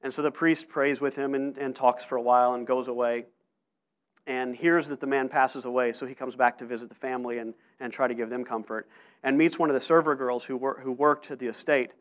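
A man preaching a sermon to his church, telling stories in an animated way with frequent restarts. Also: mid-range voice, brisk. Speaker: pastor.

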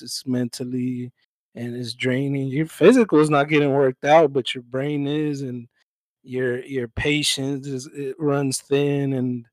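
A young man co-hosting a podcast, telling a story in a casual, relaxed way, swearing freely and acting out both sides of the exchange. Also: mid-range voice, no echo, poor audio. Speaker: podcast co-host. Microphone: own mic, remote call.

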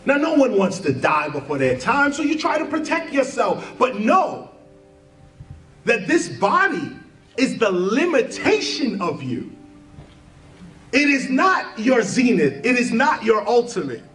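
A man hosting a podcast, leading listeners through a spiritual exercise in an earnest, animated way and laughing at his own asides. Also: very high-pitched, a little slow, echoey room, recorded from a distance, faint music behind, rough recording. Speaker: podcast host. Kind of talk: spiritual talk with guided exercise.

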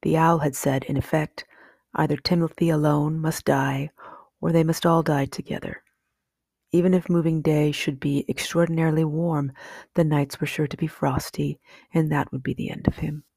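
A woman reading a children's novel aloud in calm, measured audiobook narration. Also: low-pitched, gravelly, no room sound, clean studio sound. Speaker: reader.

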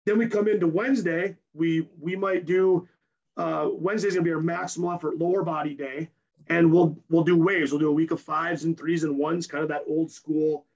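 A strength coach, a man, explaining his training program in rapid, technical detail in a podcast interview while hoarse from losing his voice. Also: fairly high pitch, fairly even intonation, darkish tone, muffled recording. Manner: rapid and technical, keeps tagging "right?".

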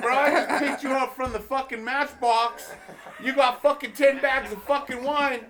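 A man's voice: extremely high pitch, moderate pace. A man, a comedian guest on a podcast, telling a story in casual chat, swearing freely and acting out the dialogue he quotes. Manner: profane, animated, acts out quoted dialogue.

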